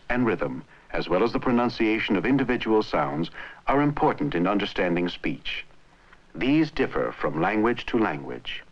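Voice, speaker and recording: Lively low-voiced film narrator. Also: male voice. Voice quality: clear, measured explaining. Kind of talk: scripted educational narration. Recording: muffled old film soundtrack.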